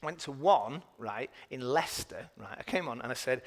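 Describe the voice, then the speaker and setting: Male stand-up comic, lively pitch, slightly high voice, echoey church, distant mic, audience behind. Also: unhurried, pauses often. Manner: animated storytelling, voices for characters. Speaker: stand-up comedian. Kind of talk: stand-up comedy set. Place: church venues with live audience.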